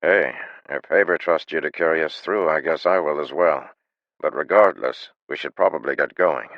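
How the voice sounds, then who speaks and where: A man's voice: extremely low pitch, moderate pace, no room sound, lo-fi sound. A man voicing a nervous, timid young male thief who speaks hesitantly. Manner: hesitant, tentative.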